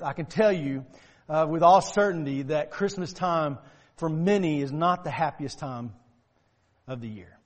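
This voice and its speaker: High-voiced male pastor preaching in a reverberant hall. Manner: conversational preaching, building to emphatic shouts. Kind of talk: sermon. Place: church sanctuary.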